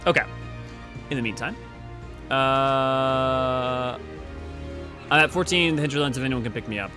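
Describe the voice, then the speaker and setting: A man's voice: mid-range voice, moderate pace, long pauses, pushed and bright, faint music behind. A man hosting a game live stream, chatting casually with viewers in a rambling way while he organizes a group. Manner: rambling, talks to chat while organizing a party.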